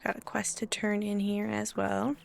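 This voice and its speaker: A tired woman streaming a game, chatting in a relaxed, rambling way with self-deprecating asides. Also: medium pitch, moderate pace, creaky. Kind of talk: casual game streaming commentary.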